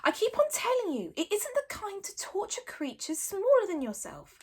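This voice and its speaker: A woman's voice: very high-pitched, huge pitch swings, normal speed, a little mellow, pitched above the performer's own voice, full character voice. A woman voicing an anxious, patient young Viking boy who pleads and reasons with his dragon, in a storybook reading. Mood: firm.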